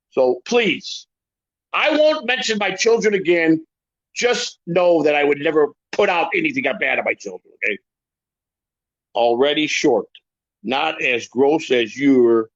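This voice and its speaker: Older man from Chicago, podcast host answering comments, excitable and defensive, muffled dry mic. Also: a little high, no room sound. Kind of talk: livestream chat reading comments.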